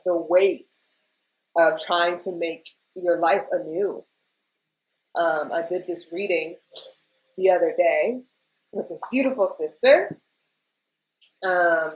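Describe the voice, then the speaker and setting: A woman's voice: on the low side, poor audio. A woman in her thirties giving a casual weekly tarot reading, chatty and emotional, often calling her viewers "y'all". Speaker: tarot reader.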